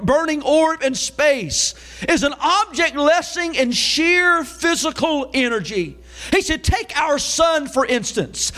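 A high-pitched preacher delivers his sermon with shouted peaks. He then drops into quick, low, chatty asides to the church. The voice stays pitched far above most men's throughout. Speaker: pastor.

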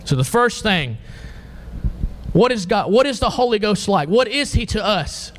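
Man, preacher, high voice, emphatic sermon, asks the congregation questions. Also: lively intonation, moderate pace, a little hiss or hum.

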